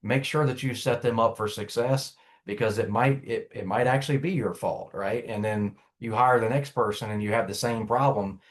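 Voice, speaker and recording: A man's voice: mid-range voice, steady tone, moderate pace, hardly any pauses. A man giving conversational business advice as a guest coach, casual and full of restarts and filler. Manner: casual, many restarts and "you know".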